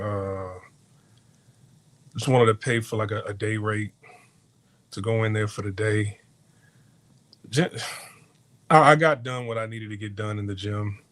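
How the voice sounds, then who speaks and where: A man hosting a casual podcast monologue, rambling through a story with frequent restarts and stammers, acting out the lines of the people he quotes. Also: lowish voice. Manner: animated retelling with acted-out quotes. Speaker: podcast host. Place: hotel abroad.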